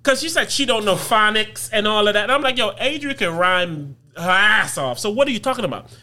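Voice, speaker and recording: High bright dude on a podcast, all over the place with his pitch, laughing and slangy, music faint behind. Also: brisk. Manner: animated, laughing, slangy storytelling. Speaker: podcast co-host. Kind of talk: casual podcast banter.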